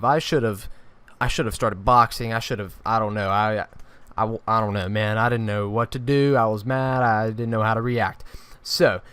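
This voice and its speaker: A young man, telling a true story for his vlog in an animated way, often restarting his sentences. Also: mid-range voice, clean tone, no room sound. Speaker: YouTuber.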